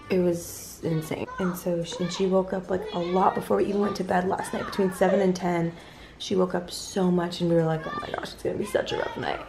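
At home on the couch, a young mother who vlogs about her family talks casually to the camera, chatty and rambling with plenty of fillers. Her voice is on the low side with vocal fry, and there's background noise.

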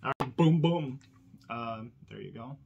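A man's voice: medium pitch, lively intonation, a little slow, gravelly, phone-quality sound, slight background noise. A man hosting a casual unboxing vlog indoors, rambling and chatting to viewers with frequent laughs. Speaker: diecast collector channel host.

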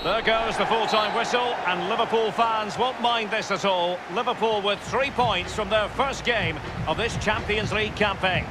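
A man as a high-voiced football commentator. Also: very noisy, lightly acted. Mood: calling play. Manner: brisk, polished broadcast delivery. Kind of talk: sports commentary.

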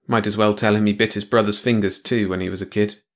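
A man narrating a short story as an audiobook, reading in a steady, measured storytelling way. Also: lowish voice.

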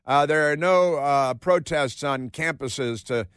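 A man's voice: on the high side, slow pace, a bit bright, smooth, dry recording. A male talk radio host in a studio, delivering a sarcastic, rambling monologue full of filler words.

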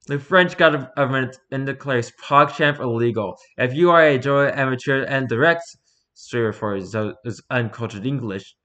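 A man reading out online posts in casual reaction commentary, dropping mocking, sarcastic asides between them. His voice has a bright, forward tone, and he talks like a streamer chatting to viewers. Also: mid-range voice. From Pacific Northwest.

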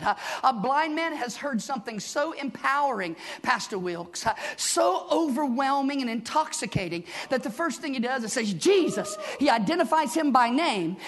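A man preaching a fervent Pentecostal sermon, shouting in rhythmic bursts and tagging lines with "huh?". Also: very high voice. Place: church sanctuary. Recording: live church with congregation behind.

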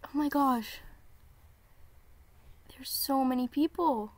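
The voice sits high and moves slowly, captured in a dry recording. It belongs to a young streamer in a live reaction vlog, nervously gushing and repeating herself with excitement as she waits for a show premiere, clearly jittery.

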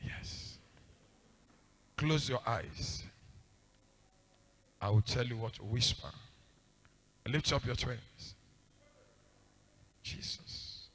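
A man's voice: mid-range voice, slow, long pauses, a bit bright. A man leading a church prayer session as pastor, calling out commands and counting out the prayer rounds. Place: church service.

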